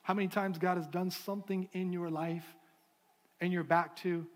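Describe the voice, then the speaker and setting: Pastor, male, high voice, fervent preaching that drops to a soft prayer. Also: flat delivery, moderate pace. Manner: impassioned preaching, shifting to soft prayerful tones. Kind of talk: sermon. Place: church sanctuary.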